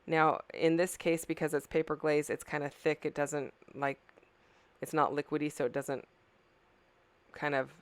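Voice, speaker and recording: A woman's voice: low voice, flat delivery, moderate pace, clean tone, no echo. A middle-aged woman, tired, casually narrating her scrapbooking process as a craft channel host, rambling a little and correcting herself. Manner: rambling, self-correcting, apologetic.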